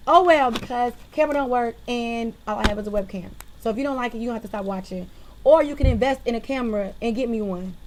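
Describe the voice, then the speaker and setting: A woman venting to her viewers in a casual monologue into a webcam, animated and exasperated. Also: fairly high pitch, fast, a little hiss or hum, rough recording. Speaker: vlogger.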